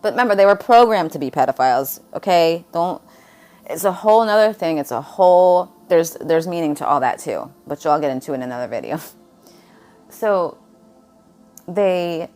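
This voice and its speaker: A woman's voice: lowish voice, lively intonation, normal speed, a little mellow, faint music behind. A woman vlogger talking in a blunt, rambling monologue, jumping from topic to topic. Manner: blunt, jumps between topics.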